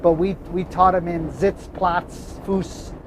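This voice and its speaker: Here the travel vlog host speaks slowly in a high-pitched voice with little pitch movement, amid background noise, while in a moving car. He spins rambling, self-correcting anecdotes as a casual storytelling chat.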